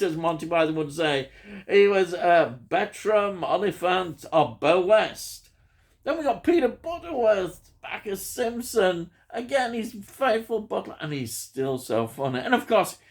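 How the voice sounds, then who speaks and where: A man's voice: on the high side, creaky. Chuckling man reviewing films. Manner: enthusiastic, chuckling, rambling with fillers. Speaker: film reviewer. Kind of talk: casual film review chat.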